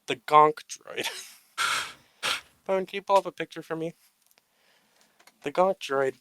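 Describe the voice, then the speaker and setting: A man with a fairly high voice speaks slowly against background noise while co-hosting a casual, unedited podcast chat. He swears freely, laughs at himself and breaks into mock-grandiose tributes.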